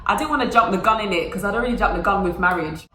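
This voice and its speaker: A woman's voice: medium pitch, rapid-fire, sharp tone, echoey room, slight background noise, low-quality recording. A young woman telling a personal story to her phone camera in a casual, chatty way, full of fillers and acted-out quotes. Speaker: vlogger.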